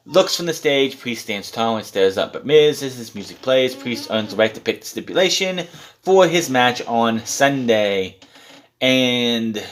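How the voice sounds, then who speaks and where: A man's voice: medium pitch, a bit bright. A man recapping a wrestling show on his own, blunt and sarcastic, swearing freely as he goes through the matches. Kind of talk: casual solo show recap.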